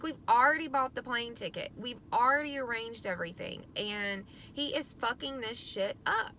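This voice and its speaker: A woman's voice: on the high side, bright, forceful tone, slight background noise. A middle-aged woman venting to camera about her teenage son, frustrated, swearing often and rambling with lots of ums. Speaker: vlogger, parent of a teenager.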